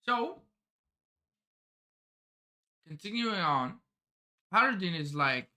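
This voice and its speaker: A man's voice: high voice, sing-song, slow, sharp tone. A man hosting a live manga reaction, rambling and often stumbling and restarting his sentences. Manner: rambling, self-interrupting, stumbles over words.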